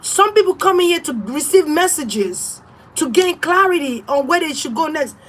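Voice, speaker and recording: A woman's voice: high-pitched, lively intonation, normal speed. A woman tarot reader ranting on a casual livestream, blunt, profane and defiant, laughing often.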